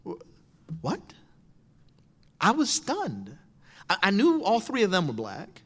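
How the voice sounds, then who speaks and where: A man's voice: sits high, slow. A middle-aged man telling a wry personal story to an audience in a lecture hall. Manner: animated, wry, storytelling with quoted voices. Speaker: speaker giving a talk. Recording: lecture hall with long reverb.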